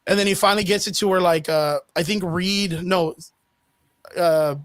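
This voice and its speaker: A man, a guest on a podcast, telling a story in an animated, profane way with lots of fillers. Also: sits high, normal speed, no echo, studio quality. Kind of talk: casual chat.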